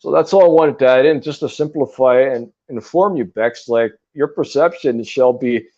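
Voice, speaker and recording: A man's voice: medium pitch, moderate pace, warm tone, lo-fi sound. Earnest man lecturing on energy. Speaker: guest on a spiritual talk stream. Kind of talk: casual spiritual talk.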